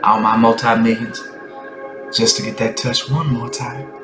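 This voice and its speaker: A man giving a rambling, ecstatic spiritual monologue that sometimes drops into hushed whispers. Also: mid-range voice, level tone, a little slow. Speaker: Christian content creator. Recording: echoey room with music behind.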